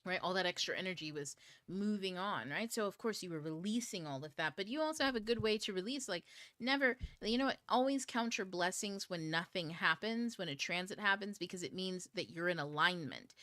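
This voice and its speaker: A woman hosting a book club livestream, chatting casually to her viewers, swearing freely and laughing as she rambles. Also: medium pitch. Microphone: camera mic on a DSLR.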